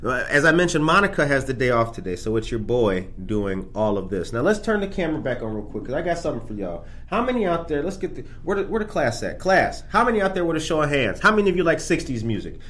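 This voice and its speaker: Guy hosting a morning stream, chatty and animated, kinda high voice. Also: quick pace, hardly any pauses, slight background noise. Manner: chatty, animated, talks straight to the chat. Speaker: podcast host. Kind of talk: casual morning show talk to live viewers. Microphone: streamed on camera.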